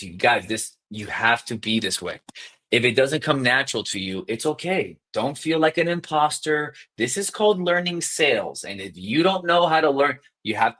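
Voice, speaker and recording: Energetic man coaching sales live. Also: medium pitch. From South Florida. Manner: energetic, fast, emphatic, demonstrates scripts.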